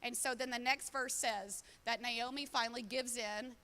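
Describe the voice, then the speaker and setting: High bright woman preaching in a hall. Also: fairly even intonation, normal speed. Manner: conversational preaching with quoted dialogue. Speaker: pastor. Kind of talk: sermon. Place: church auditorium. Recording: long hall reverb.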